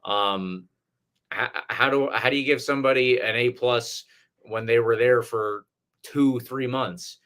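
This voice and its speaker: A man's voice: medium pitch, fairly even intonation, measured pace, a bit bright. A man from Scotland co-hosting a sports podcast, talking in a thoughtful, hesitant way with many restarts. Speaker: podcast co-host. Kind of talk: casual podcast chat.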